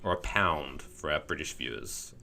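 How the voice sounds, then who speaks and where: Give me a podcast co-host man with a bright voice, telling rambling stories. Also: a bass voice, moderate pace, creaky, a little hiss or hum. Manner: rambling, animated storytelling. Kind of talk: casual chat.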